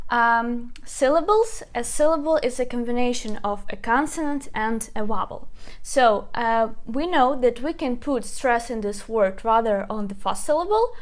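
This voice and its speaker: A woman with a Ukrainian accent gives a language lesson in a fairly high voice. She speaks very slowly and patiently and repeats each word so learners can follow. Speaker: language teacher. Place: classroom with a whiteboard.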